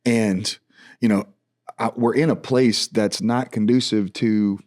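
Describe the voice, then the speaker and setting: A middle-aged worship leader tells a story on a casual podcast, acting out the dialogue as an animated storyteller who often restarts his sentences. His voice is lowish and slow, and the recording is dry with clean studio sound.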